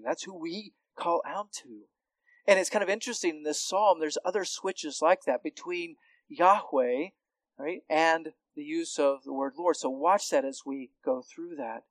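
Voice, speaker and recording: A hard-of-hearing Bible teacher gives expository teaching on scripture with a slightly raised pitch, speaking conversationally with frequent restarts and tag questions like "right?" The sound is dry and close, with no room echo.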